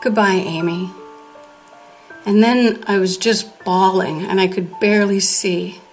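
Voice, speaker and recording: A woman's voice: medium pitch, steady tone, a little slow, darkish tone, soft background music. A woman telling a grave personal story in an earnest way, sometimes dropping almost to a whisper. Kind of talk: personal storytelling before an audience.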